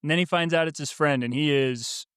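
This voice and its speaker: A man with a smooth, clear voice calmly retelling a story in casual podcast chat. He is easygoing and quick to laugh. The sound is dry and up close. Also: on the high side, no room sound. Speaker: book podcast co-host. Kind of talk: casual chat, recapping the plot.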